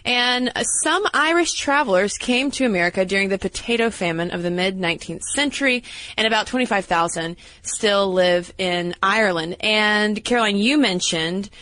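Woman podcast co-host, mid-pitched voice, casual and explanatory, close dry studio sound. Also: moderate pace, pushed and bright, dry recording, low-quality recording. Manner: chatty, explanatory, unsure of some pronunciations.

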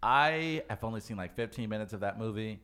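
A man with a bright, lively voice trades fast banter on a casual podcast. He is excitable and quick to react. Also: fairly low pitch, smooth. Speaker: podcast co-host. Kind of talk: casual chat.

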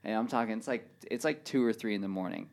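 A man's voice: lowish voice, quick pace. A man telling a rambling travel story in casual chat, full of "like" and "dude". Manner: rambling, animated, says "dude" and "like" a lot.

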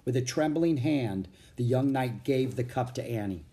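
A man reading a children's book aloud as audiobook narrator, with an expressive, animated storytelling manner. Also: mid-range voice, normal speed.

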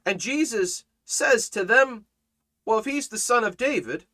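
Impassioned high-voiced male Bible teacher. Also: animated, a little slow. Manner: impassioned, rising to near-shouting on key points. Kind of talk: sermon-style Bible study.

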